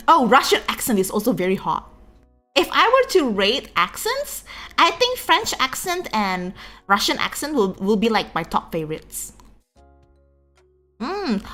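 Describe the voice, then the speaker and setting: Giggly Indonesian woman streamer, bright. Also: high voice. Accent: Indonesian English with a touch of Singlish. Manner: chatty, giggly, lots of fillers. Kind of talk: casual chat.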